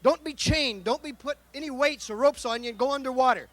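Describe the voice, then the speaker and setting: A man's voice: very high voice, fairly quick, fairly bright tone. A man, out of breath, earnestly warning a live audience not to try a dangerous stunt. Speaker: escape artist.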